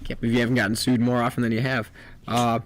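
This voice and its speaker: A man co-hosting a casual comics chat on a live stream, jokey and excitable, prone to loud laughs. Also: mid-range voice, fast, slight background noise, low-quality recording. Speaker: co-host.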